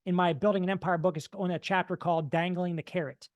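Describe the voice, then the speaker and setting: A man giving an energetic motivational talk, mimicking dull and excited voices to make his point. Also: high voice, quick pace. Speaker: motivational speaker.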